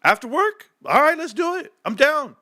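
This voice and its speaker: A man's voice: very high-pitched, big pitch swings, moderate pace, pushed and bright. A middle-aged man hosting a casual livestream, rambling through slangy stories and laughing often. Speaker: livestream host.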